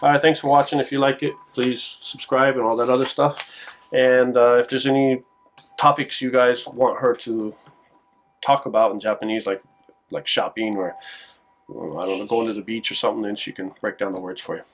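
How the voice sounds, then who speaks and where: A man with a gravelly, creaky voice walks viewers through basic phrases in a laid-back home video. He talks unhurriedly and fills pauses with "uh" and "like," as if chatting with family. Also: mid-range voice, rough recording. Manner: relaxed, explains slowly with many fillers. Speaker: co-host explaining phrases. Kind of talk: casual home video lesson.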